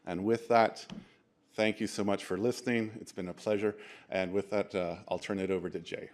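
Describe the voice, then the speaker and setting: A man's voice: lowish voice, fairly even intonation, moderate pace, a little mellow, slight background noise. A man speaking at a leadership forum, talking to the audience in a conversational way, with frequent fillers and "right?" tag questions. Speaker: conference speaker. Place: conference room.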